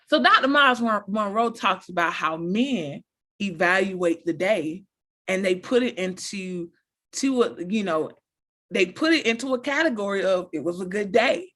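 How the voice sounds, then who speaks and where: A woman talking casually to her viewers, giving animated, preachy advice and repeating her points. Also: medium pitch, normal speed. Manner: animated, repeats phrases, addresses viewers directly; preachy, encouraging. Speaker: motivational speaker.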